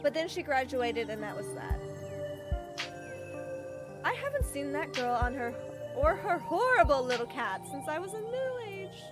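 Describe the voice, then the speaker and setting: Woman reading a friendly small-town girl, chatty and teasing, higher voice, clear music underneath. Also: very animated, normal speed, pauses often.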